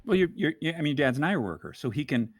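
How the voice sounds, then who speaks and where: A man's voice: on the high side, fast talker, dry recording. A man talking as a podcast guest in casual conversation, loose and full of fillers. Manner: animated, loose, lots of fillers like "you know" and "like". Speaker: podcast guest, photographer and speaker.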